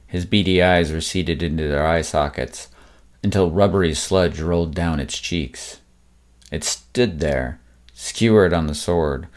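A man narrating a mystery story in a measured, dramatic storytelling delivery. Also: extremely low pitch. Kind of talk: scripted audiobook narration.

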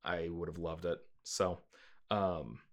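A man casually chatting as a podcast co-host, rambling with lots of fillers and breaking into playful squeaky character voices. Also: steady tone, takes it slowly. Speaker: podcast co-host reviewing a movie. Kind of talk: casual chat.

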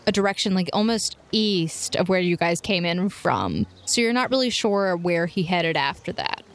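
A woman's voice: fairly low pitch, lively intonation, moderate pace. Woman running a tabletop game, casual, says like a lot. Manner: casual, chatty, with many fillers. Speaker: game master.

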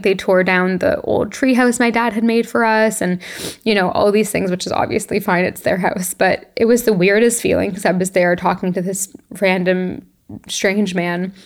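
Young woman podcast host, gravelly fry, middle pitch, reflective and teary solo chat. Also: fairly even intonation, moderate pace. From Canada. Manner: reflective, emotional, laughs often. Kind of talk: casual solo monologue.

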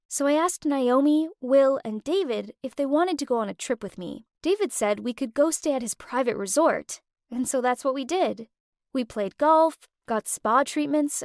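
High-voiced young woman narrating a story. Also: normal speed, dry recording, clean studio sound. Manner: emotional, expressive storytelling. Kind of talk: first-person story narration.

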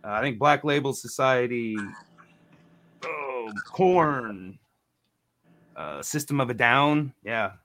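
A man's voice: medium pitch, takes it slowly, long pauses, a little hiss or hum. Profane rambling male storyteller. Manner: rambling, profane, animated quoting. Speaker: podcast co-host. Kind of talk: casual storytelling.

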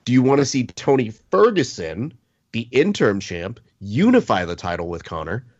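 A man hosting a sports podcast, leading the discussion in an expressive, playfully indignant way. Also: mid-range voice, moderate pace, highs cut off. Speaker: podcast host. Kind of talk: casual sports talk.

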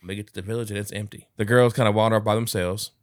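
Low-voiced man recapping a movie fast. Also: no room sound, studio quality. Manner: animated, acts out characters' lines, swears freely. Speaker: podcast co-host. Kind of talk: casual movie review chat.

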